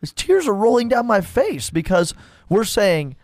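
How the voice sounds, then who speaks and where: Priest guy, kinda high voice, animated storyteller, laughs easy, dry sound. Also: unhurried, no echo. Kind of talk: casual conversation about church liturgy.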